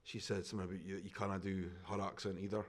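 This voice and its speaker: Deep-voiced man teasing his friends. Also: little pitch movement, racing. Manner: teasing, easygoing. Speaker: podcast co-host. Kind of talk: casual banter.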